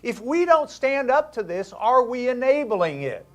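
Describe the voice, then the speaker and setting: Male talk host, high and lively, animated storyteller who acts out each voice. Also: unhurried. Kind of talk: casual storytelling to a caller.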